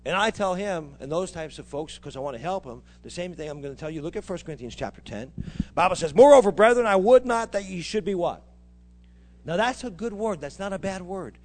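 Pastor, man, high-pitched, fiery call-and-response preaching style. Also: animated, brisk. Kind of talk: sermon.

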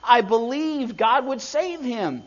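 A man preaching voices a sobbing widow in her fifties with a tearful, halting delivery. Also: a little high, expressive, voice pushed up. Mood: grieving. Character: grieving middle-aged widow, sobbing. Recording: dull lo-fi recording.

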